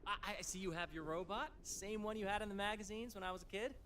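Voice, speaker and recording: An actor playing an eager, excitable young male climber in a video game who is a starstruck fan. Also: sits high, fast talker. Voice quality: bubbly and excitable.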